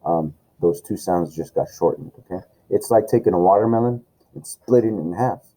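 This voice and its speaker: A man's voice: deep voice, moderate pace, warm tone, low-quality recording. A man teaching an online music lesson, loose and encouraging, talking with plenty of fillers. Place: home room with camera and tablet.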